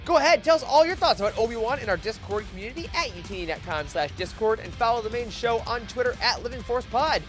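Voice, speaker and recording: Over music, a man hosting a fan podcast speaks in an extremely high-pitched voice with lively intonation, talking fast with few pauses. He is upbeat and enthusiastic as he chats casually and signs off at the end of the show.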